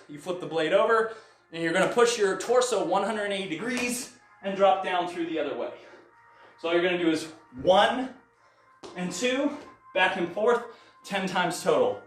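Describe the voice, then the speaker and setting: A man with a high, light voice coaches a stage combat class with upbeat energy, counting out reps as he demonstrates the moves. He is recorded in a roomy indoor training space, a little away from the mic. Faint music plays underneath. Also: distant mic. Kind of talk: live online movement class.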